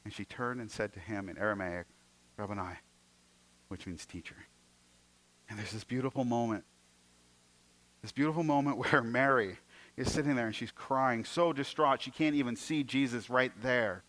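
Guy preaching a sermon, acts out the stories, gets loud then goes real quiet. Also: mid-range voice, normal speed, pauses often. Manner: storytelling, acting out scenes in varied voices; swings from loud and emphatic to hushed. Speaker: pastor.

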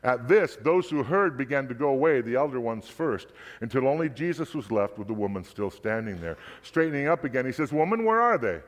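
Man reading scripture in a reverberant hall. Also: mid-range voice. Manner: steady, measured narration. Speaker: scripture reader.

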